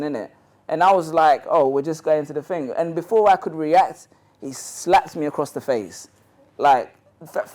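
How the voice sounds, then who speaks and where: A motivational speaker with a fairly high, slightly mellow voice tells a live audience a personal story. Originally from Ghana, he has a London accent and speaks loosely and conversationally, full of "you know" asides.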